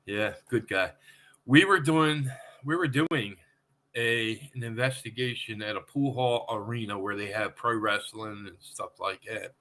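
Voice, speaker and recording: A man hosting a podcast, asking questions and telling his own story in a relaxed, conversational way. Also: on the low side, measured pace. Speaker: podcast host. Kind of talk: casual podcast chat.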